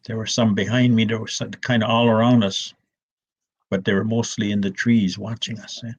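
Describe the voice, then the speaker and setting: An older man, an elder telling stories in a gentle, slow way, often restarting his words, with a husky voice. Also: on the low side, flat delivery. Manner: soft, slow and repetitive, with many restarts. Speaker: elder storyteller. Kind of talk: gentle storytelling talk.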